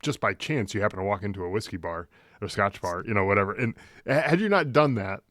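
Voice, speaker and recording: A man's voice: fairly low pitch, lively intonation, fast talker, fairly bright tone, no room sound, studio quality. A man hosting a podcast, reflecting thoughtfully in long winding sentences with repeated words. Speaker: podcast host. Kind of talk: reflective interview chat.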